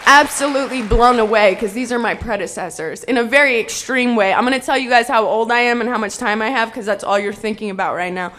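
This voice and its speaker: High-voiced joking woman in her twenties. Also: fast talker, hardly any pauses, a faint crowd. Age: 20s. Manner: excitable, joking, self-deprecating, rambling with fillers. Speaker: convention speaker. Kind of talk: speech to a live audience.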